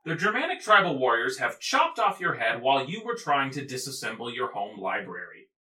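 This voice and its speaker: A man's voice: medium pitch, sharp tone. A man hosting a podcast, delivering a humorous scripted lecture on church history in a playful, theatrical way. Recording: roomy echo, off mic, faint music.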